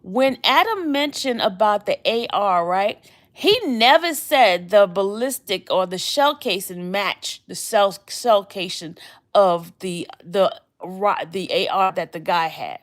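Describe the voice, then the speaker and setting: Woman rambling on her live stream, repeats herself a lot, mid pitch. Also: lively intonation, takes it slowly. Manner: chatty, repeats phrases, trails off musingly. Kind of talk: casual live-stream commentary.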